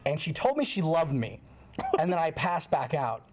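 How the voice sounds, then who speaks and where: A man's voice: fairly high pitch, big pitch swings, normal speed, darkish tone, slight background noise. A man telling a story on a podcast in a laid-back way, full of fillers. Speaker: podcast guest or regular. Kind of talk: casual storytelling.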